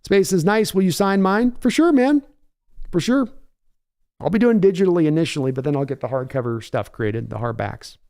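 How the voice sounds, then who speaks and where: A man's voice: on the high side, animated, moderate pace, creaky, a little mellow. A man hosting a casual livestream podcast, chatting and reading viewer comments aloud. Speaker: podcast host.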